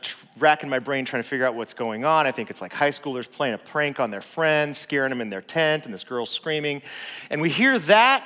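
A man, a father, telling a personal story in a relaxed, conversational way with lots of filler words. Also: a little high. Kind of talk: casual storytelling. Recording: long reverb.

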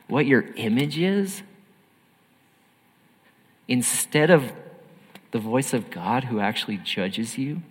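A man preaching a sermon in an earnest, emphatic way, swinging between loud and hushed. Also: mid-range voice, big-room sound.

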